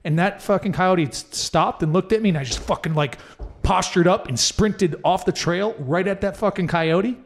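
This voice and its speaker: A man co-hosting a podcast, telling an animated, profane story in casual chat. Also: a little high. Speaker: podcast co-host.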